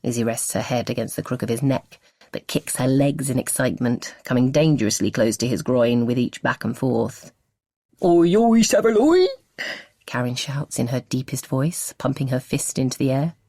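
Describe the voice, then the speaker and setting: Very deep-voiced woman narrating a novel. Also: no echo, studio quality. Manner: expressive storytelling. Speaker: audiobook narrator. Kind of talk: scripted audiobook narration.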